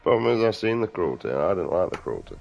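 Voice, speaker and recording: A man's voice: low-pitched, sing-song, fast, vocal fry, dull audio, faint music behind. A middle-aged man, rambling crudely and outspokenly in a casual vlog monologue. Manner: crude, outspoken, mumbling asides. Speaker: vlogger.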